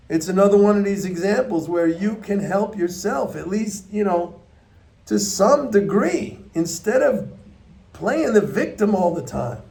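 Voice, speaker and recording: A man's voice: high voice, moderate pace, darkish tone. A man giving blunt, emphatic, unscripted market commentary to his viewers, often repeating points for stress. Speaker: economics commentator.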